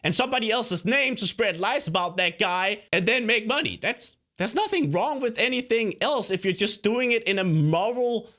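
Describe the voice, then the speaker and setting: A man's voice: high-pitched, lively intonation, moderate pace, hardly any pauses, sharp tone. A young man hosting a reaction video, talking back at a clip in an indignant, sarcastic way. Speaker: YouTuber host. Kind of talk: reaction commentary.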